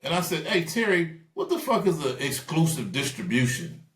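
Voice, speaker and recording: A man telling stories in a casual interview, animated and acting out the voices of people he quotes. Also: a little high, normal speed, reverberant. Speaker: guest.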